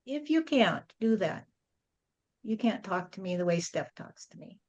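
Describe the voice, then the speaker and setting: A woman's voice: medium pitch, lively intonation, measured pace, a little mellow, dull audio. A woman channeling a spirit and speaking as God, blunt and lecturing, often adding "you see".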